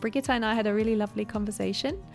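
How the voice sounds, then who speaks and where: A woman's voice: medium pitch, fairly even intonation, very fast, gravelly, soft background music. A woman hosting a podcast, chatty and upbeat, who laughs often while talking. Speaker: podcast host. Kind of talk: casual podcast chat.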